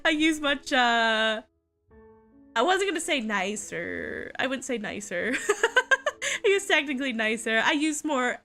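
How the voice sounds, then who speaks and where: Young woman VTuber, high and bright, lively pitch, giggly rambling storyteller, faint music under her. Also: measured pace. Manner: giggly, laughs often mid-sentence; rambling, self-correcting with many restarts. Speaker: VTuber streamer. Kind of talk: casual storytelling chat.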